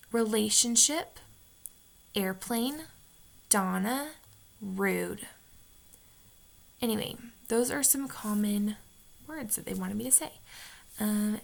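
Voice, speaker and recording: A woman with a Utah accent talks unhurriedly in a casual vlog. Her voice has a gravelly, fry-edged texture. She reads a word list aloud, then chats hesitantly, filling pauses with ums. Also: mid-range voice, a bit bright. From Utah, USA. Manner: hesitant, many ums and restarts. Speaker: vlogger.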